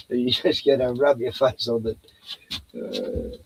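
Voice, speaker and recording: A man's voice: mid-range voice, huge pitch swings, slow, gravelly, long pauses, noisy background. A middle-aged Australian man streaming from home, rambling in a profane, chatty way, laughing often and cooing at his dog. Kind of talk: rambling casual monologue.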